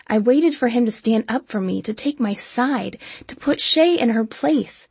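A woman narrates a first-person novel aloud in a steady, measured way. Her voice has a breathy, husky grain. The sound is dry and close, with no room echo. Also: a little high. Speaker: audiobook narrator.

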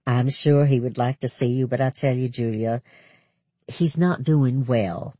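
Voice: medium pitch, fairly even intonation, warm tone, dry recording, lightly acted. A reader doing a poised, knowing committee lady. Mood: concerned. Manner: measured, knowing. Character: poised, capable older woman, committee chair. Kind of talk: audiobook character voice.

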